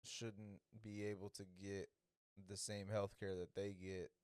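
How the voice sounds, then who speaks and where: A man's voice: fairly low pitch, level tone, unhurried, darkish tone, clear, resonant tone, no room sound. A man co-hosting a podcast in casual chat, rambling through a story, swearing freely and laughing as he goes. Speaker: podcast co-host.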